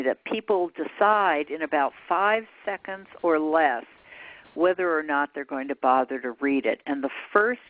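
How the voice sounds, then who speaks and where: An older woman giving a presentation on plain writing, explaining points step by step and walking through examples on slides. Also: deep voice. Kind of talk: lecture presentation. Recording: dry, tinny phone-like sound.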